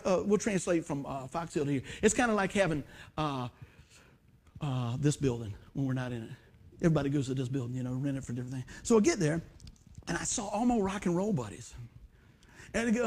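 A man. He spins funny stories from his own life, acting out the people in them and laughing along. His delivery is loose and animated. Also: sits high. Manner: animated, acts out quoted voices, laughs often. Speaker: pastor. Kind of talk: storytelling sermon.

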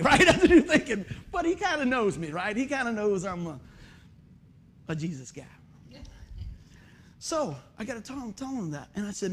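Man, high voice, preacher, folksy storytelling sermon, faint hiss behind. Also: a little fast, long pauses. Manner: folksy, animated storytelling with quoted dialogue.

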